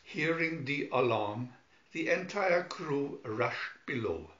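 A man reading a picture storybook aloud in a slow, deliberate manner. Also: fairly high pitch, animated, fairly bright tone. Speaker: reader. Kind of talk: storybook narration. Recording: echoey, dull home recording.

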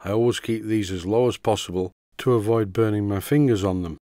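A man's voice: fairly low pitch, a little fast, dark tone, no room sound. A man with a Yorkshire accent giving a methodical, step-by-step model engineering tutorial as a voice-over, with a dry sense of humour. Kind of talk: instructional voice-over.

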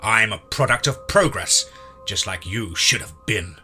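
A man's voice: lowish voice, lively intonation, normal speed, faint music behind. A man voicing a drunk, menacing uncle who slurs and sways, sing-song one moment and snarling the next. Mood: furious. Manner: loud, slurred and sing-song, then snarling.

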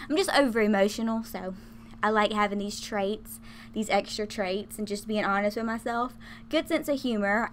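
A woman's voice: mid-range voice, fairly bright tone, a little hiss or hum. A young woman casually talking through a life-sim game she plays, chatty and giggly with many fillers. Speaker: gaming channel host.

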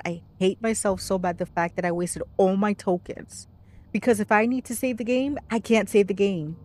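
A woman's voice: medium pitch, fairly even intonation, normal speed, a little mellow. Female gamer, live horror playthrough commentary, talks to herself, panicky pleading, drops to whispers. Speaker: game streamer. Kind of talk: let's play commentary.

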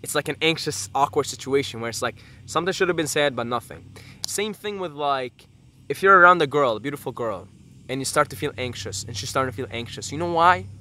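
Young male YouTuber, bright and forceful, ranting off the cuff into a camera mic, keeps drifting onto tangents. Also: fairly high pitch, animated, a little fast, a little hiss or hum. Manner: rambling, earnest, swears casually, goes off on tangents. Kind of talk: casual vlog rant to camera.

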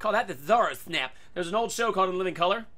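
A man hosting his own gaming channel, giving live commentary over a match and breaking into loud excited outbursts. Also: sits high, fast, slight background noise. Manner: excitable, loud outbursts and yelling at other players. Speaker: gaming video host. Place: home room.

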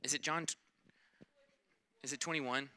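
A man's voice: medium pitch, steady tone, normal speed, pushed and bright. A man, preaching a sermon as pastor in a playful, conversational way. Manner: playful, conversational, acts out quoted voices.

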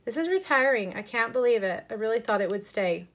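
A middle-aged woman with a slightly higher voice talks her viewers through a live show-and-tell. She is chatty and enthusiastic, full of ums and little asides, relaxed and unscripted. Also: brisk. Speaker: craft demonstrator hosting a live stream.

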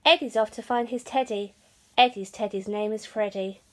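A woman reading a picture book aloud to children in a lively, sing-song, expressive way. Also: medium pitch, moderate pace. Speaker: storyteller.

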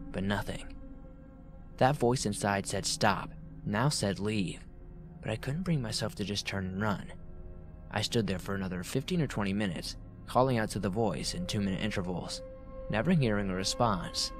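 Low-voiced man narrating horror stories. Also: moderate pace. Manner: steady storytelling, drops to a hushed low tone in tense passages. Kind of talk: scripted horror story narration. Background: faint background music.

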